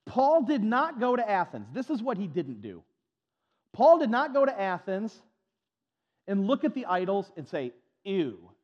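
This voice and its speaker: A man's voice: high-pitched, big pitch swings, normal speed, big-room sound, muffled recording. A man preaching a sermon as pastor, emphatic and repetitive, with folksy humor and stuttered restarts.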